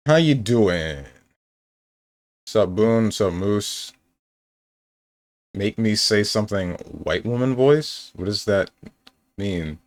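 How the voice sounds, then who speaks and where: A man's voice: lowish voice, lively intonation, slow, long pauses, no echo. A young man streaming games, chatting casually and thinking aloud in a rambling, playful way. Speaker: game streamer. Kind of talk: casual live-stream chat.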